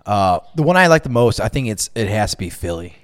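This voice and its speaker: A man co-hosting a podcast, talking casually, rambling and excitable with lots of swearing. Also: fairly low pitch, brisk, dry recording, studio quality. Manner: rambling, excitable, profane, tries impressions. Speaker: podcast co-host. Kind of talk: casual crude chat.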